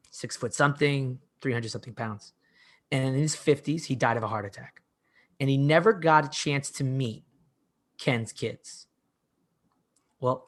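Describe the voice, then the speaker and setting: A man in his forties, a coach, tells stories from his work on a podcast. He talks in a loose, animated way, full of "like" and restarted sentences. His voice sits in an ordinary middle pitch. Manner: animated storyteller, heavy use of "like", frequent restarts. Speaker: fitness coach, podcast guest. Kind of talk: casual conversational storytelling.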